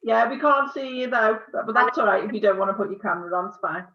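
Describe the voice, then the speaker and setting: A woman facilitating a group discussion on a video call, encouraging and gently teasing. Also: medium pitch, fast. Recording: echoey, muffled video call audio.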